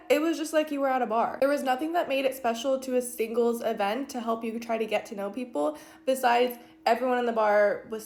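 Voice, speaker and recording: Brief: woman, high voice with vocal fry, chatty vlog recap. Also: darkish tone. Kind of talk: casual vlog review.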